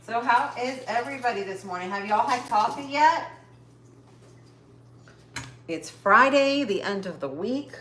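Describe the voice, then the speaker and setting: A woman's voice: on the high side, animated, a little slow, long pauses, a bit bright. A woman hosting a casual cooking livestream from her home kitchen, chatting upbeat with viewers while she chops. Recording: echoey kitchen with faint noise.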